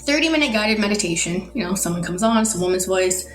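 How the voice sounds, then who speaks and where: A woman from the Netherlands, a podcast guest, telling a personal story in an animated way and acting out the dialogue. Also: medium pitch, fast talker. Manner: animated, acts out dialogue in quotes. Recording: roomy echo, faint music.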